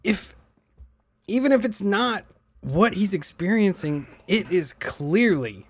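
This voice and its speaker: A man hosting a podcast, reading online posts aloud in an even voice and chatting casually between them. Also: high voice, takes it slowly, husky.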